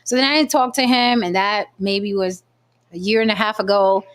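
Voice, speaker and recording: A woman hosting a casual chat show, telling a story in a blunt, profane, animated way. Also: mid-range voice, normal speed. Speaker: podcast host.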